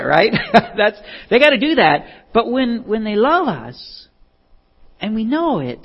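The dull lo-fi recording carries a man's talk on love, delivered in a folksy storytelling style full of chuckles and wandering, self-deprecating asides. His voice sits fairly high and is gravelly and slightly rough.

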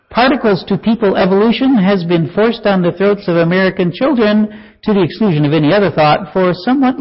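A man preaching a sermon, animated and wry, breaking into chuckles and mocking asides. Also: sits high, muffled recording.

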